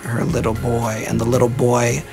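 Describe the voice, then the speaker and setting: A man in his thirties from the United States, speaking slowly and reflectively in an interview. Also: mid-range voice, monotone, creaky, music in the background. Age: 30s.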